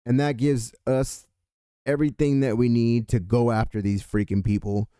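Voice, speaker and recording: A California political show host rants angrily and swears a lot, heated and profane throughout. His mid-range voice is warm and clean with little pitch movement at a normal speed. The studio recording is clean, with no echo.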